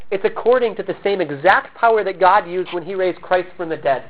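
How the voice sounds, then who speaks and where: Pastor preaching with a tinny sound. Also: male voice, high-pitched, animated, fast talker, hardly any pauses. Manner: earnest, emphatic, with self-deprecating asides. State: recovering from a cough. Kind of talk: sermon.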